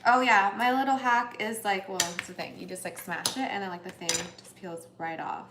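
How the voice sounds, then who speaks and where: Cooking at home on a livestream, this young woman chats away casually, giggling and making playful asides. She speaks at normal speed with a medium pitch and fairly even intonation. Heavy background noise fills the echoey kitchen, where pots and dishes clatter.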